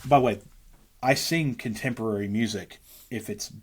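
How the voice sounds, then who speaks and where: Rambling husky-voiced man. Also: mid-range voice. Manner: rambling, fast, breaks into sung hymn lines. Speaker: guest, worship leader. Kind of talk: casual interview.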